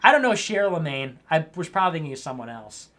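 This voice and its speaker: A man's voice: on the high side, big pitch swings, fast talker, sharp tone. A man hosting a casual livestream show, reading viewer messages and answering with teasing, mock-scolding asides and rambling restarts.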